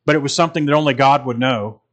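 A man's voice: mid-range voice, fast talker, fairly bright tone. A man preaching a sermon in an earnest, emphatic way, repeating phrases for stress.

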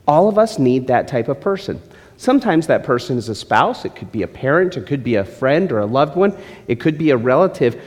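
A man's voice: fairly high pitch, expressive, brisk, darkish tone. A male pastor preaching a sermon, teasing and joking with his congregation between points. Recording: long hall reverb.

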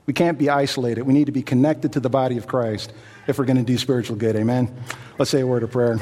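A man's voice: mid-range voice, fairly even intonation, fast talker, a little mellow, in a large hall. A male pastor giving a sermon in a folksy, storytelling way with lots of "you know" fillers.

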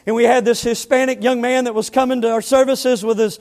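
A man preaching from the pulpit, his voice pitched strikingly high for a man. He tells stories in a relaxed way and drops to quiet, weighty words to make his points. Long reverb from the church sanctuary trails after each phrase. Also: fairly quick. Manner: storytelling preacher, drops to hushed emphasis. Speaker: pastor. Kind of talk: sermon.

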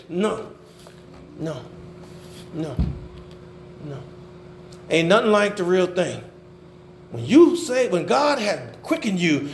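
Older man, sermon, high voice, roomy echo, loud then hushed. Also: very animated, measured pace, gravelly, long pauses. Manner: call-and-response preaching, swings between loud emphasis and low murmurs. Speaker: pastor.

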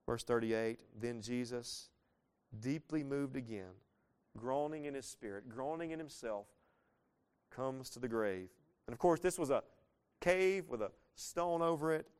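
A man's voice: medium pitch, unhurried, a little mellow, smooth. A man in his thirties, a pastor giving a casual, earnest verse-by-verse sermon with sudden swells of emphasis.

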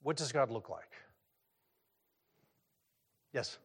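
A man's voice: medium pitch, lively intonation, very slow, slightly rough. A middle-aged man preaching a sermon in a conversational way, asking his listeners questions and often repeating words as he restarts. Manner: conversational, asks the audience questions. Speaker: pastor.

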